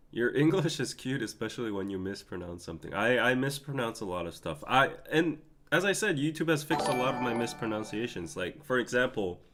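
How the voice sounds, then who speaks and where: A man's voice: on the low side, fairly bright tone. A man, hosting a live stream and talking emotionally to his chat. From Korea. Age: 30s. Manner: emotional, laughing, pleading with chat. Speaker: podcast host.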